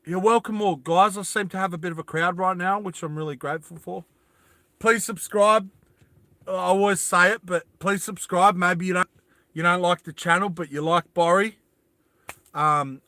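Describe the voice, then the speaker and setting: A man's voice: high voice, pushed and bright, no echo. A man hosting a live stream, chatting casually with viewers and reading their comments in a rambling, self-deprecating way. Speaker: livestream host.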